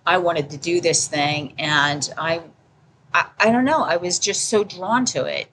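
A woman's voice: lowish voice, a little slow, a bit bright, slight background noise, poor audio. A woman in her fifties, a podcast guest telling her story in a candid, casual way, often laughing and acting out what people said. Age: 50s. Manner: candid, laughing, acts out dialogue.

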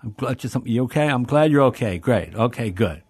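A man's voice: medium pitch, a little fast, slightly rough, no room sound, clean studio sound. An older man, a guest in a casual talk, telling anecdotes and acting out the voices of people he quotes. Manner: animated, acts out quoted voices. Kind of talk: casual storytelling.

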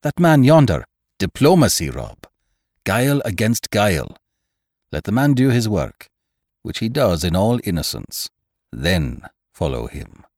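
A man's voice: lowish voice, wildly swooping pitch, darkish tone, dry recording, studio quality, pitched above the performer's own voice, exaggerated voice. Man playing a grave old doctor. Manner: grave, deliberate. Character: stern elderly doctor, grave and commanding. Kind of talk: audiobook character voice.

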